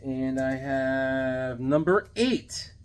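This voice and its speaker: A man's voice: mid-range voice, extremely slow, smooth. A man in his seventies chatting casually and enthusiastically while showing off his haul of old comic books, rambling and joking as he goes. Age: 70s. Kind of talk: casual haul video chat.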